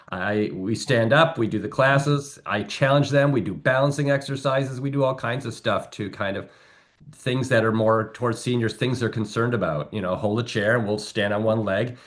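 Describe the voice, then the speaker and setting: Easygoing man teaching a qigong class. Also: mid-range voice. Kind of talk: teaching explanation. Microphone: video call.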